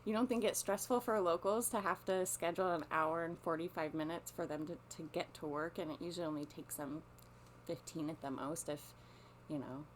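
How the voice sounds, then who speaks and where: A woman with a fairly low voice tells a story in a loose, casual monologue. She rambles and swears freely, doubling back and restarting her sentences as she goes. A faint hum sits under her voice. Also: fairly quick. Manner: rambling, profane, full of restarts. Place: lives on a small coastal peninsula.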